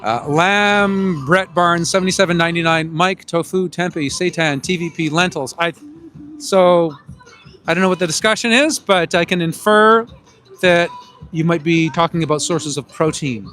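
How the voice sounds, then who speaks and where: Male activist streamer, projecting outdoor voice, high and bright, light music in the background. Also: moderate pace. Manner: calls out to passers-by, loud projecting voice. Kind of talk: outdoor live stream commentary. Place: outdoors in a busy public plaza. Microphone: handheld phone mic. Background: music from outdoor speakers.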